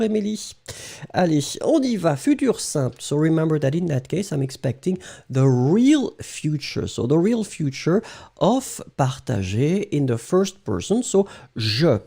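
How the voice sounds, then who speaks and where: A man's voice: mid-range voice, gravelly, mellow, slightly rough. A middle-aged man from France with a French accent, teaching a live online French lesson and greeting students by name.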